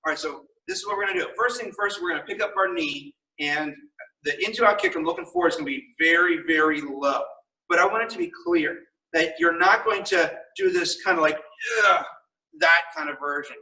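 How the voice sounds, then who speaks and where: A man's voice: fairly high pitch, brisk, pushed and bright, far from the mic, poor audio. A man teaching a martial arts class on video, upbeat and coaching as he counts out the kicks.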